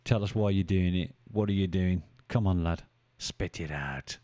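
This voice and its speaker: Low, mellow-voiced man chatting. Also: fairly even intonation, moderate pace. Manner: chatty, thinking aloud, bantering with viewers. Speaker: live-stream trading host. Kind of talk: casual live-stream commentary.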